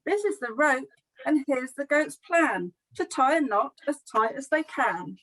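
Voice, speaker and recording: A middle-aged woman leading a children's storytime over a video call, reading a picture book aloud in an animated, expressive, friendly way. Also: high voice, measured pace, poor audio. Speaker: storytime session leader.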